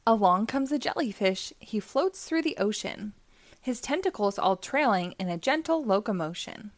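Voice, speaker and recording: A woman's voice: mid-range voice, expressive, moderate pace, no room sound. A woman hosting storytime, reading a rhyming children's book aloud in a sing-song manner. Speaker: storytime host.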